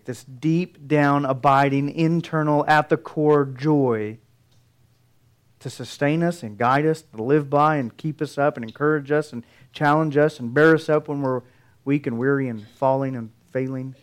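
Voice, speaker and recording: A man's voice: medium pitch, a little slow, clear, resonant tone. A middle-aged male pastor preaching a sermon, earnest and building emphasis through his points.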